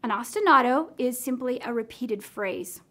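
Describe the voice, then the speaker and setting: A middle-aged American woman with a clear, encouraging manner, teaching teachers how to guide children's singing. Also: on the high side, expressive, moderate pace, fairly bright tone. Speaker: music teacher trainer. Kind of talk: instructional demonstration.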